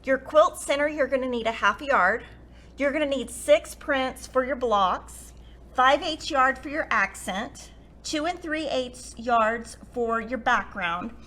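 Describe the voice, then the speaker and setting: Bright-voiced woman teaching quilting. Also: high-pitched, measured pace. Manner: chatty, warm, enthusiastic explaining. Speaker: quilting tutorial host. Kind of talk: upbeat sewing tutorial.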